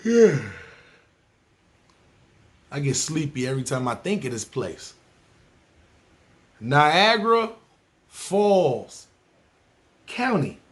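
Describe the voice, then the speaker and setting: Male podcast host, NYC accent, slightly high voice, loose profane street monologue. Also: slow pace, long pauses. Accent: New York City. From New York City. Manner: animated, profane street talk. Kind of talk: casual monologue ranking places.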